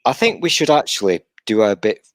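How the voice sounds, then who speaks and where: A man's voice: on the low side, very animated, brisk, no echo. A British man hosting a casual live-stream chat, joking in a self-deprecating way. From Britain. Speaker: podcast host.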